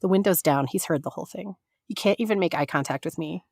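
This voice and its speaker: A woman in her forties, a podcast co-host, telling a story in casual chat, animated and freely swearing as she acts out other people's lines. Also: lowish voice, fast, dry recording, clean studio sound.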